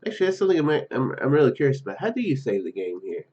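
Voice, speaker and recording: A man with a slightly froggy, hoarse throat, casually reading and chatting through a text adventure game, rambling with many fillers and restarts. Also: mid-range voice, big pitch swings, very fast, mellow, highs cut off. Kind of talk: casual let's-play commentary and reading.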